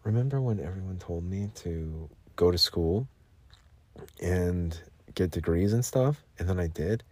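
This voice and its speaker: Low-pitched and a little mellow, this man speaks a little slowly but with lively intonation, with no room sound. He's rambling through a monologue for his podcast in a makeshift home vocal booth, tired from a long work shift, repeating himself and losing his train of thought.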